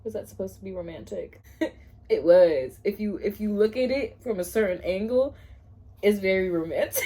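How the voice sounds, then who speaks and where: A woman's voice: medium pitch, animated, normal speed, long pauses, dark tone, a little hiss or hum. A young woman chatting casually in a reading vlog, gushing expressively and laughing often. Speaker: book vlogger.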